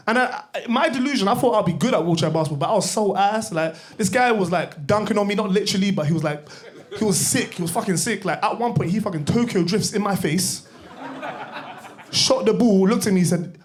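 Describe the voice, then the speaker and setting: A man's voice: high voice, brisk. A young man doing a stand-up set in a comedy club, telling stories in loose, slangy, self-mocking style.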